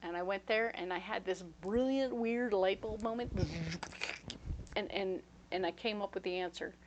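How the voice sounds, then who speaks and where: A woman's voice: medium pitch, normal speed, muffled recording, slight background noise. A woman giving a casual tarot reading, chatty and reassuring, checking in with her listeners as she talks. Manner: storytelling with acted-out voices. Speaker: tarot reader.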